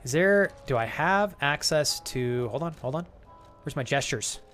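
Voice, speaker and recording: A man's voice: on the high side, expressive, unhurried, fairly bright tone, faint music behind. A man live-streaming a game, joking crudely with chat and thanking viewers as he plays. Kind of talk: live gaming stream banter.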